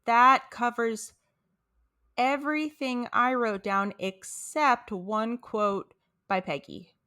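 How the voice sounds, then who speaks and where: A woman's voice: fairly high pitch, steady tone, takes it slowly, bright, forceful tone. A young woman co-hosting a podcast, chatting casually about a cartoon episode and reading out quotes from her notes. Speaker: podcast co-host.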